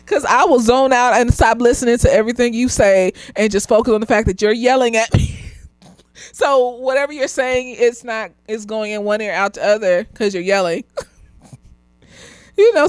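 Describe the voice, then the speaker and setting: At a moderate pace, a young woman in a therapist role offers a slightly tipsy, casual review of a TV series in a clear, resonant voice. She laughs often, swears without restraint and leaps into high, excited squeals, captured in a dry recording.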